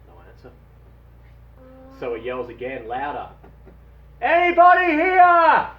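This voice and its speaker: A man casually telling a long shaggy-dog joke, playful and drawn-out, heard from a distance in a dull recording. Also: mid-range voice. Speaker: storyteller.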